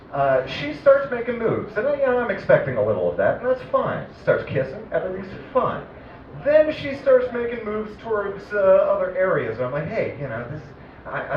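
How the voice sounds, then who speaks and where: A man telling a story in a stand-up comedy set at an open mic, halting and rambling with many fillers. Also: on the high side. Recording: echoey room from far off, muffled. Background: audience laughter.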